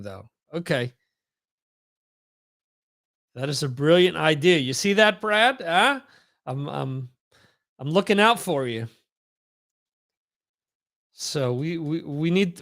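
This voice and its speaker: Man, podcast host, casual live-stream talk, slow pace, higher voice, rambling with repeated words. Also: a bit bright. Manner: rambling, repeats words, reads chat aloud.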